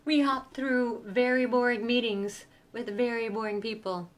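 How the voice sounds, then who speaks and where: A woman museum educator reading a picture book aloud to young children in an expressive, sing-song way. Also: a little high, normal speed.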